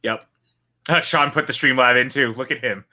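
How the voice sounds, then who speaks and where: Casting note: male co-host, very bright and forward voice, easygoing chat that reads the chat aloud. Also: mid-range voice, normal speed. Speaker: podcast co-host. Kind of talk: casual movie watch-along chat.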